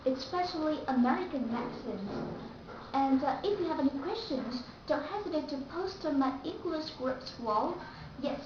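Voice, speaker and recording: A woman giving a slow, careful English pronunciation lesson and repeating the example words. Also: high-pitched, noisy background. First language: Vietnamese. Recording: echoey room, distant mic, dull and lo-fi.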